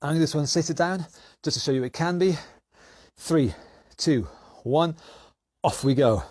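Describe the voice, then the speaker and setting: A man from the United Kingdom, a fitness instructor leading an online exercise class with energetic counted cues. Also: fairly high pitch, moderate pace, no echo, studio quality.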